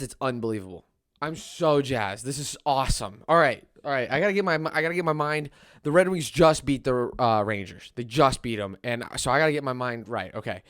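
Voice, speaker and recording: Man, young adult, sports podcast host, excitable, ranting, mocking. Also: medium pitch. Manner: excitable, ranting, trash-talking. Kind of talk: solo sports rant.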